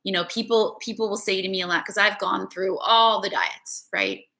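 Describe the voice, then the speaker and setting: A woman's voice: medium pitch, steady tone, moderate pace, sharp tone. A woman spiritual coach giving an earnest, conversational motivational talk and often checking in with "right?".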